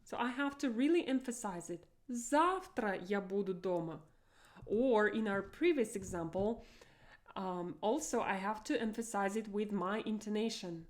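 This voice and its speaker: A young Russian woman with a Russian accent, teaching a language lesson with slow, clear explanations and stressed example phrases. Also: medium pitch, darkish tone.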